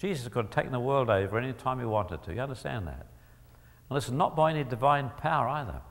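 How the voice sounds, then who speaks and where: Male Bible teacher, mid-pitched and gravelly; emphatic lecture delivery, frequent throat-clearing. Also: big pitch swings, fast talker, fairly bright tone. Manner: emphatic, asks the audience rhetorical questions. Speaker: Christian teacher. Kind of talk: lecture-style teaching talk. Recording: long hall reverb.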